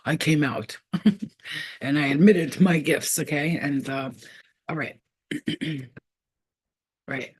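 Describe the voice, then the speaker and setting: A woman with a husky, breathy voice reads for her viewers, talking straight to the camera. She is streetwise and swears freely, and she repeats herself for emphasis. She halts and trails off as she tries out half-heard names. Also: sits low, a little mellow. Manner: casual, blunt and profane, with emphatic repetition; halting, trailing off while sounding out names. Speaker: psychic reader. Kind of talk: spiritual reading to camera.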